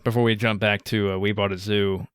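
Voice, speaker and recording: A young man co-hosting a podcast, chatting casually about movies, laughing along and quoting lines in a high mock voice. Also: level tone, brisk, clean tone, no echo, clean studio sound. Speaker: podcast co-host. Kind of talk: casual movie review chat.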